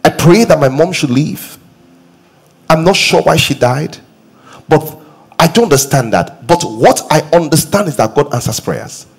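Middle-aged man, pastor, sermon, husky tone, repeats lines, questions the congregation. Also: fairly high pitch, expressive, a little slow, poor audio. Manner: repeats key lines, asks the congregation questions, rises to emphatic preaching. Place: church auditorium.

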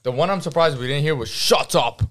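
An American man chatting casually while reacting to a video, relaxed and quick to laugh. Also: fairly high pitch. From United States.

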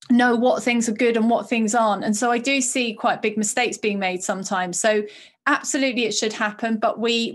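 A woman scientist speaking as a podcast guest, making measured, thoughtful points with some restarts. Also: a little high. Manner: measured, with frequent restarts and fillers. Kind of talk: considered panel discussion.

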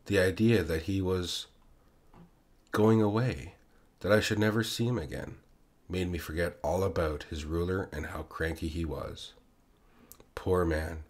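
A man reading a classic short story aloud in the first person, unhurried and expressive. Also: sits low.

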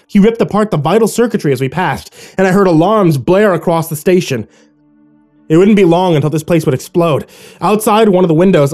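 A man narrating a first-person horror story in a hushed, measured reading style. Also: a little high. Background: faint music.

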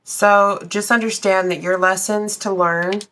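Bright and forceful at a medium pitch, her delivery stays fairly even and measured. She's a woman doing a casual, blunt tarot reading, cursing liberally, speaking straight to her audience, and occasionally singing a line or two.

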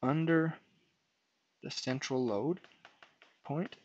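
In a dull, lo-fi recording, a man explains things step by step at a whiteboard without a script, restarting phrases and filling pauses while he draws. His voice sits a little high, somewhat mellow, and he draws out his words.

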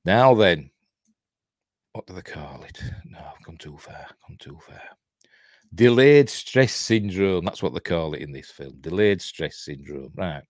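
A man's voice: sits low, expressive, a little slow, no room sound, clean studio sound. A middle-aged man with a Yorkshire accent, chatting casually through a film commentary, rambling and breaking off with chuckles. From Yorkshire, England. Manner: rambling, chuckling, self-interrupting. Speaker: host.

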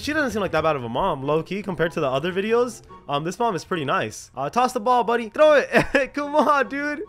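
Young male gaming host, high and very animated, giggly, quick reactions, faint music underneath. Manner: excitable, laughs often, reads in-game chat aloud. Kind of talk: casual gameplay commentary.

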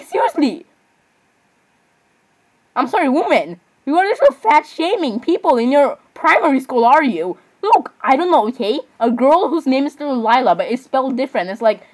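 Teen girl reaction vlogger, high bright voice, excitable and exclamatory, casual commentary. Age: teens. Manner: excitable, exclamatory, quick shifts between giggly outbursts and mumbled asides.

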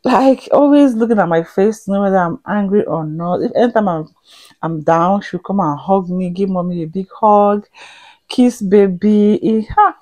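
A young woman vlogging to camera with heartfelt thanks, sighing and dropping into soft whispers at times. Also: medium pitch, moderate pace. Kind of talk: emotional personal vlog to camera.

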